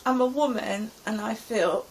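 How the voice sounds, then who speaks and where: Speaking a little slowly in a slightly high voice, a middle-aged English vlogger gives an anxious, rambling present-tense rundown of her day, diary-style. The recording is low quality, with slight background noise.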